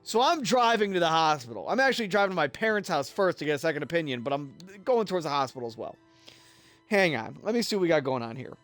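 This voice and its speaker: A man streaming a game and telling a rambling, profane story in a casual, animated way. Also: fairly high pitch, fast, faint music behind. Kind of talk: casual storytelling while gaming.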